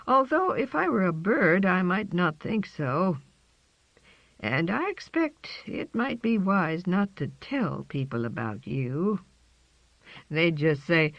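A woman voicing a kind, gentle old woman, speaking slowly and softly, on a dry, slightly dull storybook recording. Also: vocal fry, dry recording, heavily acted. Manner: slow and gentle, lively in pitch.

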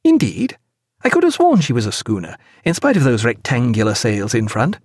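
A man's voice: medium pitch, huge pitch swings, moderate pace, darkish tone, breathy edge, no room sound, clean studio sound. A man voicing a wry, mildly ironic male ship's doctor.

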